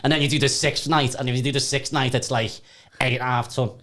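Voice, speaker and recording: Young man, quick and sweary, casual podcast chatter. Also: medium pitch, fairly even intonation, fairly bright tone. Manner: fast, sweary, laughing storyteller. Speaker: podcast guest comedian. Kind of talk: casual chat.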